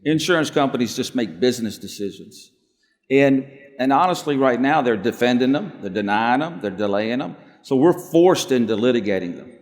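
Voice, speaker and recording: A man's voice: medium pitch, expressive, moderate pace, long reverb tail. A man on a live panel, speaking in a confident, emphatic and plain-spoken way. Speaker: law firm owner, panelist. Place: large stadium event on stage.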